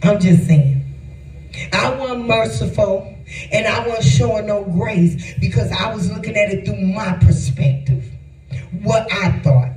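High-voiced man preaching in an echoey room. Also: unhurried, recorded from a distance, faint music behind. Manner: conversational, animated preaching with laughter. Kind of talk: sermon.

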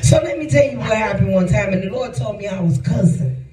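A man giving a sermon in a lively, conversational preaching manner, joking and laughing with the congregation. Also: high voice, brisk. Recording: echoey room, voice from far off.

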